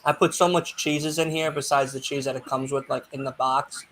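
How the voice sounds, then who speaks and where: A man co-hosting a wrestling podcast, chatting in a relaxed, rambling way with lots of "like". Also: mid-range voice, normal speed, slight background noise. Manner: relaxed, rambling, heavy use of "like". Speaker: podcast co-host. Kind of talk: casual watch-along chat.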